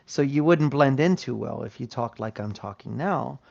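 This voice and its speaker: An American man teaching an English lesson, explaining points patiently and checking in with "right?". His voice has a gravelly edge. The sound is dull and lo-fi. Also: mid-range voice, lively intonation, moderate pace, hardly any pauses, darkish tone. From United States.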